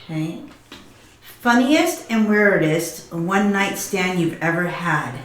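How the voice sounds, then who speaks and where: Brief: plain, brisk woman reading questions off camera, roomy echo. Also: on the low side, expressive.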